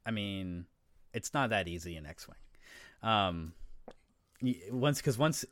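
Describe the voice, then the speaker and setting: Lower-voiced man rambling in casual chat. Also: lively intonation, takes it slowly, fairly bright tone, dry recording. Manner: rambling, swears casually, explains eagerly. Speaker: podcast co-host.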